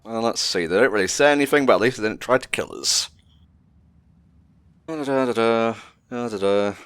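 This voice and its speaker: A man's voice: lowish voice, lively intonation, fast, fairly bright tone. A young man playing a video game and chatting casually, with dry, jokey asides. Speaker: gamer playing through the game. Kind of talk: casual let's play commentary.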